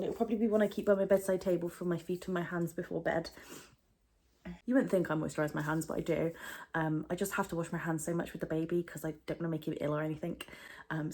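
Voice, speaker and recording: A woman's voice: fairly low pitch, fairly even intonation, quick pace, darkish tone, slight background noise. A young British woman chatting casually through a product unboxing, rambling with lots of fillers and asides. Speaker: beauty vlogger.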